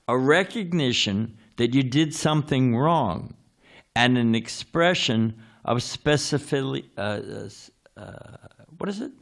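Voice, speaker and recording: A man's voice: medium pitch, lively intonation, a little slow, gravelly. A man giving a scripture class in a temple, talking conversationally, asking his listeners questions and sometimes searching for words. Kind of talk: sermon. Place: temple hall.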